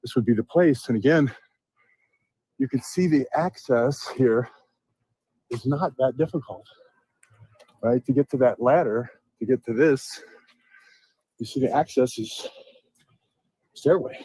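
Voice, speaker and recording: A man's voice: medium pitch, slow pace, pauses often, dark tone, breathy edge, dry recording. A man giving casual, rambling commentary over video clips as a channel host, posing rhetorical questions.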